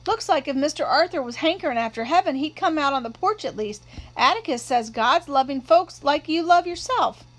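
A woman voicing a feisty, outspoken young tomboy girl in a high, indignant voice, as part of a storybook reading. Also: animated, brisk. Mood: earnest.

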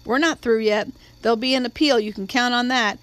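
A woman voicing a weary, gentle grown father who speaks quietly and with restraint. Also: a little high, a little fast, natural voice.

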